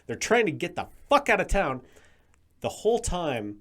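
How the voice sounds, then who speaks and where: A man guesting on a podcast, telling stories in an animated, emphatic way during casual chat. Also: sits high, normal speed.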